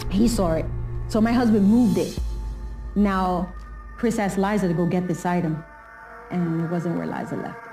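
A woman's voice: on the low side, steady tone, normal speed, pauses often, warm tone, soft background music. A woman in a documentary interview, telling a story in an earnest, emphatic way.

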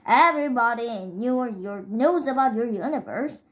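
A woman's voice: fairly high pitch, lively intonation, moderate pace, a bit bright. A woman reading the lines of a flustered, exasperated middle-aged father in a storybook.

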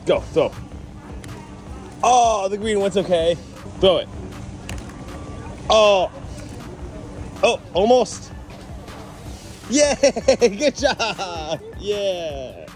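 Male dad vlogger, relaxed pace, lively playful sing-song delivery, background music. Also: high voice, extremely slow, long pauses. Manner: playful sing-song baby talk, laughs often. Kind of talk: casual family vlog chat. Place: inside a big warehouse store.

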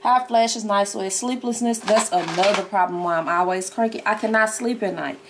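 A woman's voice: medium pitch, normal speed, background noise. A woman with a Southern country accent chatting bluntly and jokingly in a casual vlog from a parked car, eating while she talks. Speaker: vlogger.

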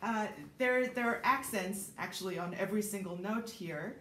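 Giving a piano lesson, this concert pianist speaks in a mid-range, fairly bright voice at a moderate pace, pausing thoughtfully with lots of ums and occasionally singing the rhythms. It's a masterclass explanation recorded in an echoey room with piano playing, with a little hiss or hum underneath.

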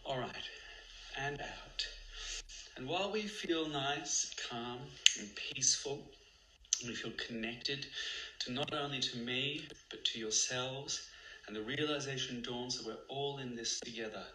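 A man hosting a comic guided meditation in a camp, sardonic manner, his pitch swooping up and down. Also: a little slow, pushed and bright, reverberant, rough recording. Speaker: comedy host. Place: home, livestream.

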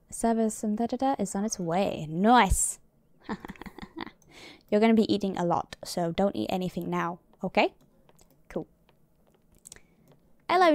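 Her mid-range voice has a darkish tone as she chats through a game, muttering to herself and swearing a little. There's no room sound; the audio is dry, with faint music in the background.

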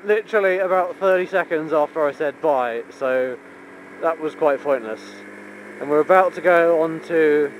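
A British man vlogging while riding a motorbike, shouting over the wind and joking as he urges his bike faster. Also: fairly high pitch, rough recording. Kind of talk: casual chat while riding. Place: outdoors, riding a motorbike on a dual carriageway. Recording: loud wind and traffic noise.

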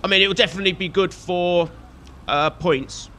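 Man, high bright voice, playful running commentary over gameplay, banters at enemies. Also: steady tone, normal speed, slight background noise. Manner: chatty, jokey, scolds enemies on screen. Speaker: gaming video host. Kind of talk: let's play commentary.

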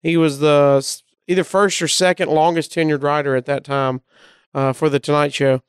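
Smooth-voiced man with an Alabama drawl. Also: on the high side, moderate pace, no room sound, studio quality. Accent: Alabama Southern. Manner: animated anecdotes, acting out the voices of people in the story. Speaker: comedian guest. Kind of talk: casual storytelling.

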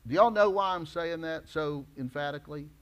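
A male pastor preaching a sermon emphatically, rising to loud declarations and dropping low. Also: moderate pace.

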